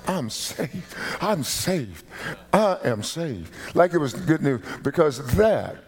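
A man preaching a sermon from the pulpit, his voice sitting a little high for a man. He talks in a conversational way, then swells into loud, emphatic calls to the congregation. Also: big pitch swings, slow pace, slightly rough. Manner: preaching with rising emphatic bursts. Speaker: pastor. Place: church sanctuary.

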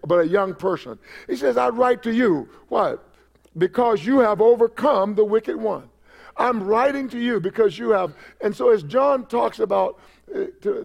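An older male pastor delivers a sermon in a notably high voice with a gravelly edge. He halts and repeats words as he works through the text, then swells into emphatic exhortation to the congregation. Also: a little mellow. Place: church service.

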